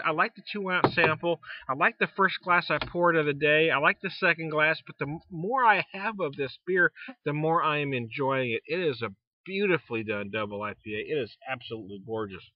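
A man's voice: on the high side, no room sound. Rambling man with a dull, dry sound. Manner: rambling, frequent restarts and fillers; frank, mildly profane. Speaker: beer reviewer. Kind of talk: casual beer tasting vlog.

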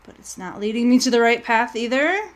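High-voiced jittery woman streaming a game. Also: expressive, a little fast. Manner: jittery, rambling, often panics and yelps. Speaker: gaming streamer. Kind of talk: live gameplay commentary.

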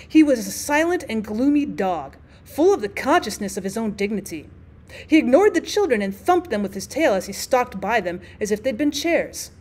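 Teacher lady reading an old short story out loud, expressive, slightly high voice. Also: normal speed. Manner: expressive reading with stray fillers. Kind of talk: audiobook narration of a classic story.

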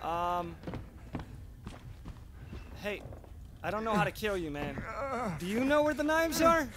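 Loud, swearing, high-voiced male gamer. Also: slow, noisy background. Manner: loud, excitable, swears a lot. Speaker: gaming video creator. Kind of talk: horror game commentary.

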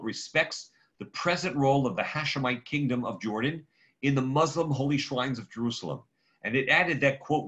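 Over a video call, a rabbi leads a class as a conversational lecture, halting and digressive, calling on audience members by name to take their questions. His voice is medium in pitch and fairly bright in tone, heard through muffled lo-fi online audio.

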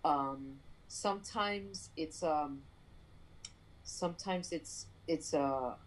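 A woman from New York with a Puerto Rican family, a playwright telling a story in an interview, animated and full of fillers and restarts. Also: low voice, drawn-out words, low-quality recording. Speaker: playwright guest.

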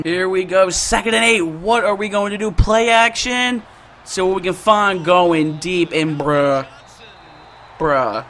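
Excitable young man calling his own game. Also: high-pitched, moderate pace, a little hiss or hum. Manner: excitable, shouts and laughs at big plays, slangy. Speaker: gaming YouTuber. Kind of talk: excited live gameplay commentary.

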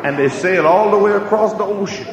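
A man's voice: high voice, muffled recording, background noise, pitched above the performer's own voice, close to an everyday voice. A man with a Cajun accent voicing Thibodeau, a flustered man who rambles and stumbles through an answer. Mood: fumbling. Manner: halting and rambling. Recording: echoey hall with music.

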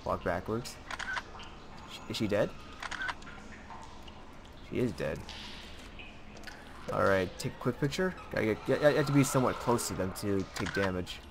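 A man's voice: on the low side, expressive, unhurried, long pauses. Man, horror game commentary, jumpy, swears, talks to viewers, noisy recording. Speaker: gameplay commentator. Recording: clear background noise.

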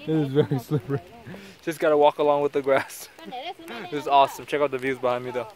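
A man's voice: mid-range voice, fairly quick, a little mellow. A man vlogging a trek and a party at a friend's home, laughing and playful, drunk as the day goes on. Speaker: travel vlogger. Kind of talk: casual vlog. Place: outdoors on a mountain trek, then a crowded home.

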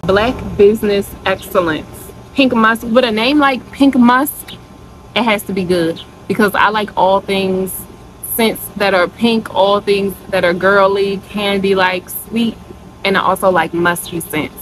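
A woman's voice: mid-range voice, steady tone, unhurried, slight background noise, poor audio. A woman vlogger chatting casually to her viewers in a product review, gushing and calling them y'all.

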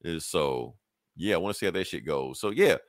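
Brisk and expressive, a low-voiced co-host retells a comic's plot on a podcast in casual slang, voicing the characters' lines. The studio recording is clean with no echo.

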